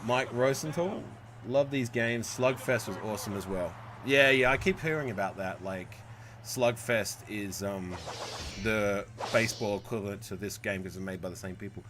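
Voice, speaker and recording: A man streaming a football video game live, chatting with viewers and swearing and shouting at plays. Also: lowish voice, normal speed, background noise. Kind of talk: live gameplay commentary.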